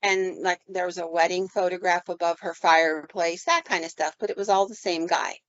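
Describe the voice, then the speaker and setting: A woman's voice: fairly low pitch, steady tone, fairly quick, fairly bright tone, no room sound, lo-fi sound. A woman hosting a podcast, telling a paranormal story from her own work in a chatty manner and acting out the voices of the people in it. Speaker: podcast host. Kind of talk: casual storytelling.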